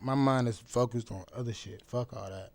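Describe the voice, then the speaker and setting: A man talking bluntly and profanely in a casual vlog monologue. He repeats phrases for emphasis and swings between loud outbursts and low mutters. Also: moderate pace. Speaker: vlogger.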